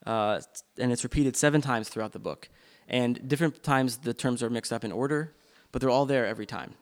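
A man's voice: medium pitch, fairly quick. A man leading a church class discussion in a loose, unscripted way, with frequent ums and restarts.

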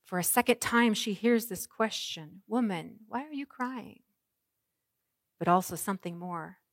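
A woman pastor preaching an Easter sermon, moving from hushed, soft lines to ringing proclamations. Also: medium pitch, unhurried, dry recording, studio quality.

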